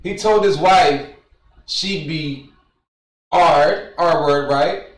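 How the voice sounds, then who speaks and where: A man streaming, reading texts aloud and commenting in an emphatic, animated way, often repeating his points. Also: a little high, drawn-out words, distant mic. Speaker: streamer reacting to news. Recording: roomy, away from the mic.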